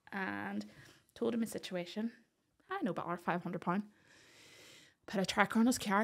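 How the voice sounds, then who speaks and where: With a creaky, medium-pitched voice, a Northern Irish woman in her thirties shares a personal story on a podcast where she's a guest. She tells it energetically, doing the voices of everyone involved.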